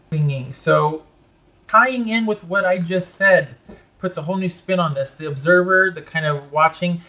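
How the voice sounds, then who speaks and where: A slightly high-voiced man doing a casual tarot reading. He talks in a loose, conversational way, breaks off mid-thought for animated asides, and corrects himself as he goes. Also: a little slow. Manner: chatty, self-interrupting, animated asides. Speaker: tarot reader.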